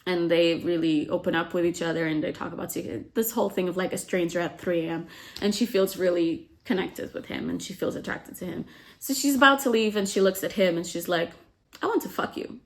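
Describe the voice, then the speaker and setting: A woman's voice: on the low side, fairly even intonation, fairly quick. A woman casually retelling a novel's plot as a book summary host, chatty and full of "like" fillers, briefly acting out what the characters say. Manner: chatty, frequent "like" fillers, acts out quotes.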